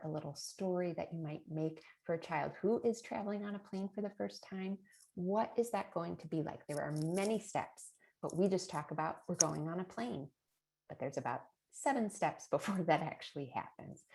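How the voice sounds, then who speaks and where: A middle-aged woman talks parents through tips in a casual webinar. Her voice sits low with a gravelly fry, and she keeps checking in with a chatty "right?". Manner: chatty, warm with laughs and rhetorical "right?". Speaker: early childhood presenter.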